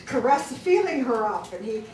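A woman doing stand-up comedy on a club stage, telling jokes in a slow, deliberate way with filler pauses. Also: a little high, very animated. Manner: deliberate, drawn-out joke delivery with filler pauses. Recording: roomy club sound from far off, crowd noise.

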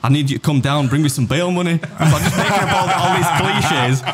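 A man's voice: on the high side, fairly quick, noisy background. A man in casual podcast chat, telling a funny story and acting out the people in it. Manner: laughing anecdote teller, acts out quotes.

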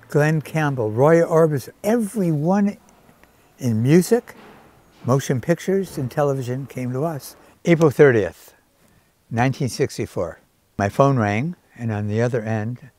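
Older male interviewee, animated raconteur, warm tone. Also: medium pitch, no echo. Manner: animated storyteller who acts out quoted voices. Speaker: interviewee, celebrity hairdresser. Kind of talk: storytelling anecdotes.

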